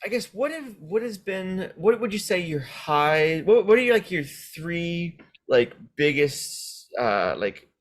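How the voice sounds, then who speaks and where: A woman's voice: lowish voice, big pitch swings, slow, hardly any pauses. A woman hosting a casual podcast chat, a rambling, laughing storyteller. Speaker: podcast host.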